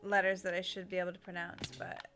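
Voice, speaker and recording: A woman's voice: on the low side, flat delivery, fast talker, music in the background. A young woman co-hosting a livestream, chatting in a bubbly, rambling way. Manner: bubbly and chatty, with frequent restarts. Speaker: streamer, co-host. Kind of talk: casual livestream chat.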